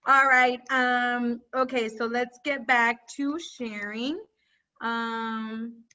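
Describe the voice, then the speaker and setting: A high, bright woman coach fires up her group with energetic, no-nonsense pep talk. Her voice comes through dull, lo-fi video call audio. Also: takes it slowly. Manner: energetic, rallying, talks straight to the group. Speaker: side hustle coach.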